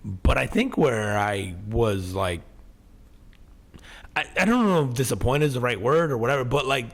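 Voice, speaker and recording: Profane, animated man in casual chat. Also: mid-range voice, moderate pace. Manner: animated, profane, acts out quotes. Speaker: podcast co-host.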